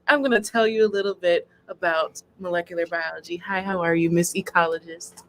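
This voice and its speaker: A young woman co-host explaining science in a soft, slow, whispered role-play voice over a video call. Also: on the low side. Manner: soft, slow, teacherly ASMR-style explaining.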